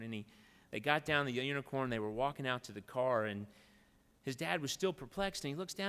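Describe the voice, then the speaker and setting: A man's voice: medium pitch, expressive, a little fast, fairly bright tone, clear, resonant tone. A man preaching a devotional in a legislative chamber, telling a folksy, rambling story and then leading a solemn prayer. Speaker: preacher giving the opening devotional. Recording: long reverb of a large chamber.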